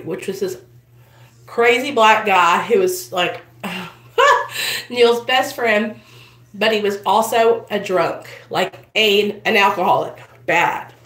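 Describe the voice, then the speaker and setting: A woman's voice: medium pitch, fairly bright tone, roomy sound, rough recording. A woman vlogger telling a rambling, chatty story straight to camera, often addressing viewers as "you guys". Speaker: vlogger in addiction recovery. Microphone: built-in camera mic.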